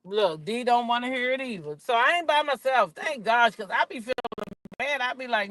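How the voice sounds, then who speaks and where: A woman speaking rants from her car about reality TV. She is blunt and foul-mouthed, talking straight to her viewers. Her delivery is loud and animated, with her pitch jumping up on the points she makes most strongly. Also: normal speed. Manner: blunt, profane, animated, talks back to chat. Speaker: reality TV commentator. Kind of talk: casual rant to viewers. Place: in a car at a drive-through.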